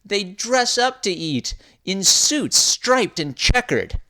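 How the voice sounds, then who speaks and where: A small, earnest girl bear cub pipes up in a high, eager voice, as a man puts her on. She is polite but worried, and her pitch leaps around as she tells of dragons. The storybook reading is slow and sing-song. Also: very animated, full character voice. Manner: high, bright, eager child voice.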